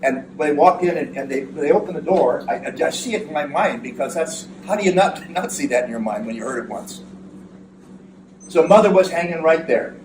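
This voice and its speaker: A man's voice: fairly high pitch, expressive, fairly quick. Older man giving an echoey hall talk. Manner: earnest, emphatic, repeats words. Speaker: psychotherapist. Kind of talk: speech to an audience. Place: hall at a veterans' event. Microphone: far from the mic. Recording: echoey room from far off with audience noise.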